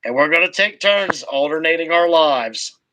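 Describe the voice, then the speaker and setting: A man hosting a casual livestream recap, telling his story slowly with halting restarts. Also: fairly high pitch, animated, bright, forceful tone, low-quality recording. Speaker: host.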